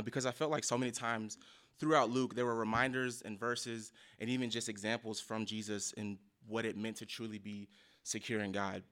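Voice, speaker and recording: A man sharing a casual personal testimony with a church group, speaking earnestly and haltingly with many fillers and restarts. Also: lowish voice, pushed and bright. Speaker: church member sharing a reflection.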